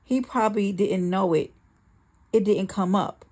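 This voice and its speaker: A woman reading a first-person memoir aloud in a plain, steady storytelling delivery. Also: mid-range voice, a little slow, husky. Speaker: memoir reader.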